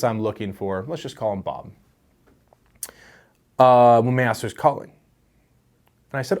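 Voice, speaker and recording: A young man with a mid-range voice speaks briskly but leaves long pauses as he gives casual real estate wholesaling advice to the camera. He's friendly and animated, storytelling and laughing.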